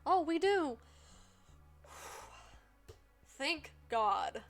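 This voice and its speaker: A woman's voice: high voice, very animated, very slow, soft background music, full character voice. A woman voicing a cheerful, loyal male hellhound dog in a game, reading his lines eagerly.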